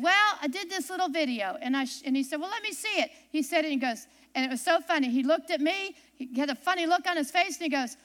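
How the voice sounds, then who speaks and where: A woman delivering a sermon in a high, bright voice. She speaks with emphasis and circles back to repeat her main lines, leaning on them for weight. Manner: emphatic, repeats key phrases. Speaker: preacher.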